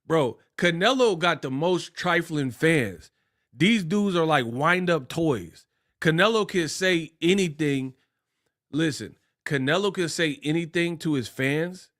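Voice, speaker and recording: A man's voice: fairly high pitch, a little slow. Slangy Bay man ranting on boxing. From Bay Area, California. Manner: animated, slangy and mocking, puts on voices for quotes. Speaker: boxing commentator. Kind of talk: casual ranting commentary.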